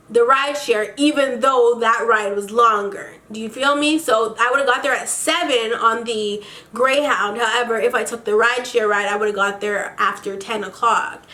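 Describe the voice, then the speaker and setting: Bright, high-voiced woman telling a story. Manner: animated, swearing, quick asides. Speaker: vlogger. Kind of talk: storytime vlog, casual chat.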